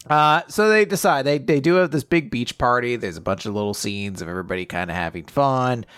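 A man's voice: mid-range voice, animated, moderate pace, fairly bright tone, clean tone, dry recording, studio quality. A man co-hosting a casual chat, recapping a story with acted-out quotes and lots of fillers. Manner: rambling, acts out quotes, frequent fillers and swearing. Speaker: podcast co-host.

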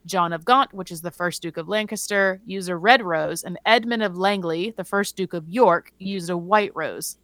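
A woman co-hosting a casual chat, reading facts aloud with filler words and quick self-corrections. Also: lowish voice, a bit bright, dry recording. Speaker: podcast co-host.

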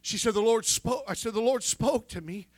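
A man's voice: high-pitched, moderate pace, dry recording. A man preaching a sermon with fervor, breaking in with calls of amen and restarting his sentences as he tells a story. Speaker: pastor.

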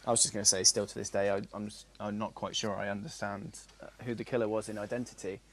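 A man speaks in a measured, slightly hesitant way during a relaxed chat. His voice sits a little low for a man. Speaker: podcast guest. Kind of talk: casual chat.

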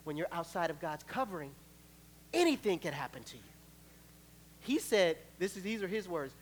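A man preaching a sermon as pastor, conversational and animated, joking with the congregation. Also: sits high, moderate pace, pauses often, a little hiss or hum. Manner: animated, acts out quoted voices, laughs between points.

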